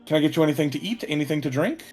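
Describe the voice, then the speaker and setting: A gentle, motherly old half-elf woman , as a man puts her on in a tabletop game. She speaks softly and welcomingly, with halting fillers. Faint music plays behind. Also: fairly high pitch, expressive, slightly rough, pitched above the performer's own voice.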